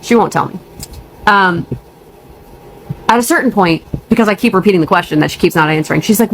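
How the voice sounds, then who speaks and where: A woman's voice: mid-range voice, fairly quick, pauses often, slight background noise, poor audio. Tearful woman ranting about betrayal. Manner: ranting, upset, blunt and profane. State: near tears. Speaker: storyteller. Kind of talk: emotional storytime vlog.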